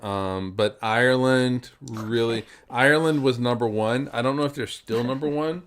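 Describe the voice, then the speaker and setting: A man's voice: mid-range voice, normal speed, fairly bright tone, clear, resonant tone. A man from New Zealand co-hosting a podcast in casual chat, rambling with lots of fillers and frequent swearing. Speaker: podcast co-host.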